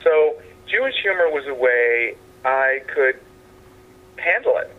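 A man who is a playwright and actor, speaking as a guest in a phoned-in interview from a house, halting and meandering, with restarts. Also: medium pitch, big pitch swings. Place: at his father's house. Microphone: telephone. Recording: tinny phone line.

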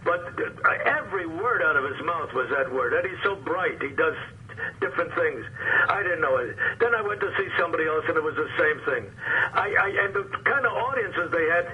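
An older man, a comedian guest in a casual interview, rambling through stories and dropping deadpan puns. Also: on the high side, a little fast, narrow, tinny audio, slight background noise.

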